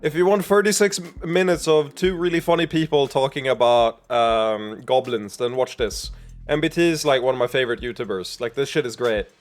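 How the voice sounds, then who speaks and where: A man's voice: mid-range voice, fairly quick, faint music behind. A man streaming a video game, chatting casually, swearing a lot and reading game text aloud.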